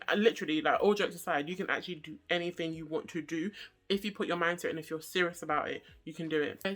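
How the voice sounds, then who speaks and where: A young woman chats straight to camera, her voice bright and sharp-edged. She keeps it animated and jokey, full of slang and quick asides, like a casual storytime vlog. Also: fairly low pitch. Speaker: vlogger.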